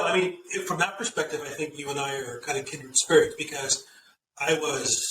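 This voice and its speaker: A middle-aged man talking as an interview guest, telling career stories and giving earnest, animated advice. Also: on the high side, distant mic, background noise. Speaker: guest executive. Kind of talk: casual interview chat. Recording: echoey room, off-mic, faint ambience.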